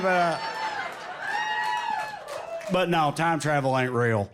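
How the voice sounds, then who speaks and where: A man with a Tennessee drawl performing stand-up comedy in a club, animated and quick to slip into silly voices. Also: fairly high pitch, a crowd in the background, background noise. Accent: Southern US, Tennessee drawl. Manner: animated, swings into put-on voices and quips. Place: comedy club stage with audience.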